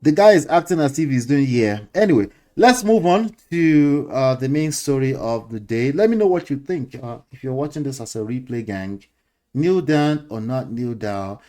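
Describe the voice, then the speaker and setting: A man's voice: medium pitch, animated, moderate pace, dark tone. Chuckling Nigerian man lecturing casually. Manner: lecturing, chuckling, mixes in pidgin slang. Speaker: host. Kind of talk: casual commentary monologue.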